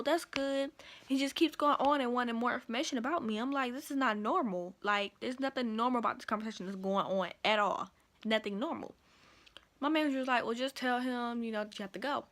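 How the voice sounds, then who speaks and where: A chatty young woman tells a storytime to her viewers, animated and conversational. Her voice sits a little high for a woman. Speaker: vlogger. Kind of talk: casual storytime.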